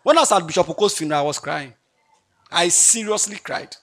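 A man preaching a sermon, reading scripture in a lilting, sing-song way and swinging between loud bursts and near-murmurs. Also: sits high, animated, a little fast.

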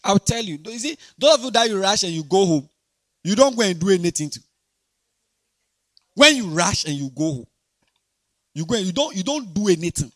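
Man, high voice, bright sharp tone, lively sermon, repeats himself. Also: brisk, long pauses, no echo, studio quality. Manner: animated, repetitive, swings between quiet talk and shouting. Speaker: preacher. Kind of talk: sermon to a youth congregation.

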